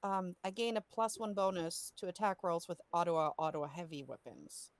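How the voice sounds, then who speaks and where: A woman's voice: lowish voice, steady tone, normal speed, dry recording. A woman playing a tabletop game over a video call, chatty and explaining her moves. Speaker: player.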